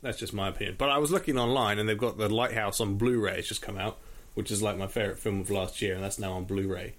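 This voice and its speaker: A man's voice: on the low side, fairly even intonation, quick pace, a bit bright. A man hosting a podcast alone, chatting casually at home in a rambling, self-deprecating way. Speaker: podcast host. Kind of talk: casual solo chat. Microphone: audio interface.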